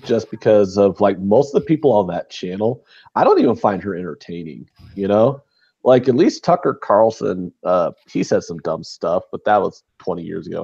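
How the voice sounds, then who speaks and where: A man's voice: fairly low pitch, vocal fry, a little mellow, lo-fi sound. A man co-hosting a podcast, talking bluntly and rambling, with frequent swearing and restarts. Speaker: podcast co-host. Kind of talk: casual chat.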